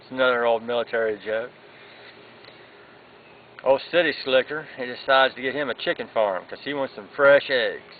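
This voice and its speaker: A man telling a long folksy joke in a drawn-out storytelling manner. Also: medium pitch. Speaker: joke teller. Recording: tinny lo-fi sound with faint background noise.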